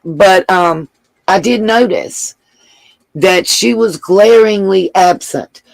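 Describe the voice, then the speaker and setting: A woman's voice: medium pitch, takes it slowly, vocal fry, no echo, low-quality recording. A woman hosting a casual livestream, reading viewer comments aloud and thanking them with gushing endearments. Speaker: livestream host.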